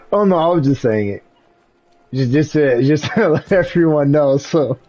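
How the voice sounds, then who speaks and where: A young man streaming a game, chatting casually and telling animated stories with frequent laughs and slang. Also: on the high side, a little slow, faint music behind, poor audio. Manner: animated storytelling, laughs often, swears, says "bro". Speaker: gaming streamer. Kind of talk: casual live-stream chat while gaming.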